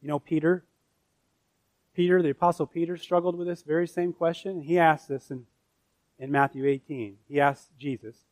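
A man's voice: fairly high pitch, fairly even intonation, normal speed, no room sound. A man preaching a sermon as pastor, emphatic and full of rhetorical questions.

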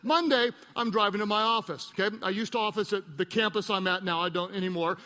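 A middle-aged male pastor preaching a sermon, an animated storyteller who acts out voices and pokes fun at himself. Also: high-pitched, fast talker, in a large hall.

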